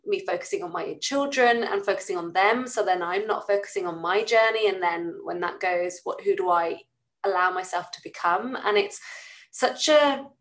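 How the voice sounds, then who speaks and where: Brief: woman host, mid-pitched, reflective and thoughtful, asks long questions. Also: moderate pace, poor audio. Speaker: podcast host. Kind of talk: interview conversation.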